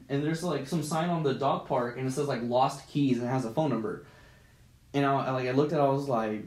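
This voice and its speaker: A man's voice: mid-range voice, fast. Swearing man telling a story, roomy sound. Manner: profane, animated retelling with acted-out quotes. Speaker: podcast co-host. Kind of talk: casual chat, storytelling. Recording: roomy echo.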